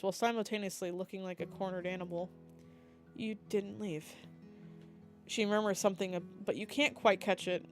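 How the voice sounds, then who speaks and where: A young woman, a streamer, reading the text of a dating game aloud with lively asides and slips. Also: medium pitch.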